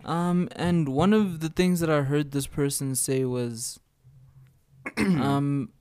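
Dude on a podcast, chill talk, cracks up constantly. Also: male voice, on the high side, slow, a little mellow, clean tone. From South Africa. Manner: laughs often, loose and joking. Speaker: podcast co-host. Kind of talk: casual chat.

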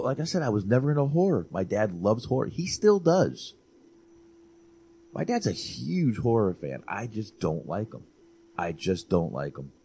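A man co-hosting a casual movie chat, animated, swearing and repeating himself for emphasis. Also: deep voice, breathy edge. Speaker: podcast co-host.

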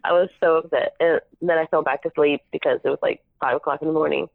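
A young woman telling a personal story in a casual chat, animated and acting out what others said, with frequent laughs. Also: low-pitched, fast talker, creaky, no room sound. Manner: animated, acts out quoted voices, laughs often. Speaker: guest. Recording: tinny phone-like audio.

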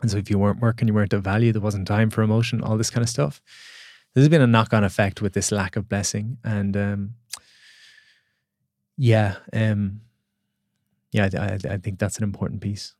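A man, a podcast guest and coach, telling a reflective story in an earnest, halting way with repeated words. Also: on the low side, fairly even intonation, darkish tone, dry recording, clean studio sound.

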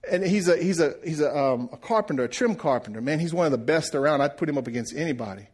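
A man's voice: a little high, fast talker, hardly any pauses, slightly rough. A middle-aged man preaching a sermon, telling personal stories with call-and-response and acting out sounds and voices. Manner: lively storytelling with call-and-response; acts out sounds and quoted voices.

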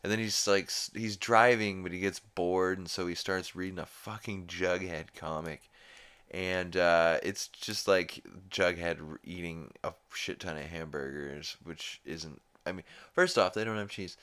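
A man's voice: deep voice, fairly even intonation, measured pace, a bit bright, clean tone. A man hosting a podcast, recapping a cartoon episode in a rambling, profane, laid-back way. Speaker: podcast host.

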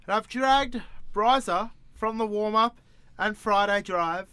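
A man's voice: high voice, slow pace, sharp tone, smooth, no echo. A man with an Australian accent hosting breakfast radio, chatting in a playful, jokey way. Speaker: radio host.

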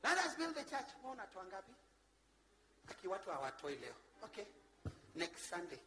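Kenyan bishop preaching, really high voice, bouncy lively pitch, shouts then goes quiet. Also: male voice, fairly quick, pauses often, soft background music. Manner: passionate, shifts from loud shouting to low asides, mixes in Swahili. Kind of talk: sermon. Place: church before a congregation.

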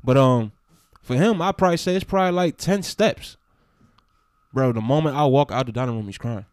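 A young man co-hosting a casual podcast chat, laid-back and rambling, often dropping to a low mutter. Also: a little fast, darkish tone, smooth, no room sound. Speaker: podcast co-host.

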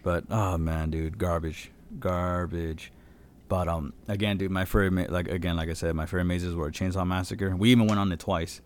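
A man's voice: low-pitched, fairly even intonation, fairly quick, slight background noise. A young man in casual chat, laid-back and swearing a lot, saying dude and bro.

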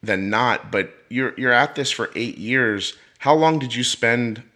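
A man's voice: medium pitch, unhurried, bright, forceful tone. A middle-aged man hosting a podcast, telling a story in a casual chat and acting out the voices of the people he quotes. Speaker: podcast host.

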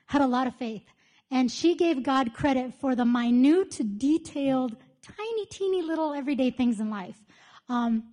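A woman in her thirties leading a Bible study, chatty and candid, telling stories as she teaches. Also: sits high. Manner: chatty, candid, lively storyteller. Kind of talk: casual teaching with storytelling. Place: church meeting room with group.

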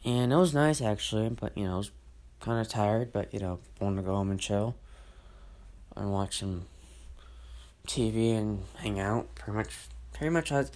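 A man's voice: on the low side, normal speed, darkish tone. A man hosting his own podcast, talking alone in a rambling, emotional way, full of restarts and fillers as he vents. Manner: emotional and venting. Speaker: podcast host. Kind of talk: solo podcast monologue.

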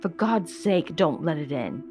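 A woman's voice: low voice, expressive, measured pace, a little mellow, soft background music. A woman voicing a frightened old husband who speaks in shaky, hesitant tones in a storybook reading. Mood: terrified. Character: fearful, trembling old man, timid husband.

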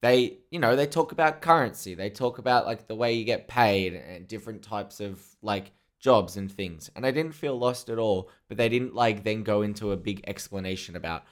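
A man's voice: lowish voice, normal speed, hardly any pauses. A man co-hosting a podcast, chatting casually about a TV show, rambling and joking, often slipping into quoted asides. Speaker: podcast co-host. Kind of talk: casual chat reviewing a TV show.

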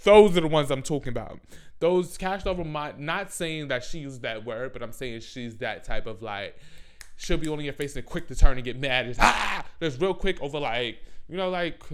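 A man ranting in a casual, sassy, profane and animated way, full of slang, in the manner of a podcast host. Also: on the high side, moderate pace. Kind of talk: casual rant.

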